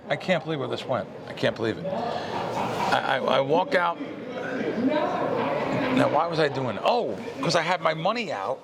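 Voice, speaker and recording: A man's voice: on the high side, normal speed, vocal fry, long pauses, over a noisy crowd. A man telling a long story in casual chat on a podcast, acting out the voices of the people in it. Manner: animated storyteller, acts out quoted voices. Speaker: podcast host, pro sports bettor.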